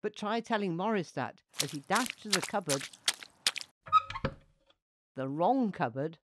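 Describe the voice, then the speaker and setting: Brief: playful children's author narrating, lively delivery, noisy recording. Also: female voice, lowish voice, a little slow. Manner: playful and expressive. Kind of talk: bedtime story narration. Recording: noisy hiss behind the voice.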